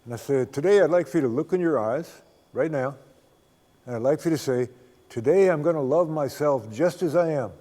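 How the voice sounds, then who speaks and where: An older man giving a spiritual talk as a guest speaker, a folksy, unhurried storyteller who often chuckles. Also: fairly high pitch, dark tone. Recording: long reverb of a hall.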